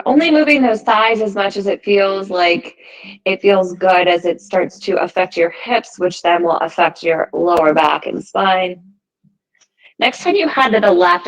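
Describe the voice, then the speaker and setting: Calm woman guiding a yoga class. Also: mid-range voice, rough recording. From United States. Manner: calm, encouraging cues timed to the breath. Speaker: yoga teacher. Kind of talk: guided yoga class instruction.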